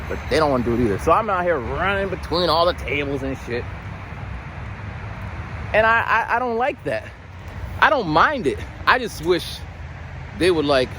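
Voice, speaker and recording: Animated, rambling man vlogging outdoors. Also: fairly high pitch, noisy background. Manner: rambling, animated storytelling with stammered restarts. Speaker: vlogger who works lunchroom duty at a school. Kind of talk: casual vlog chat. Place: outdoors in cold weather, near a bridge.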